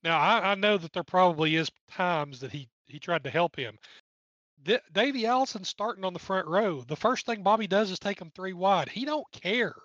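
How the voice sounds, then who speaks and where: With an East Tennessee accent, this male podcast co-host chats wryly through an old race recap, cracking jokes between lists of drivers. His voice is high with lively intonation and a fairly bright tone, delivered at a moderate pace. The audio sounds dull, though there's no room sound.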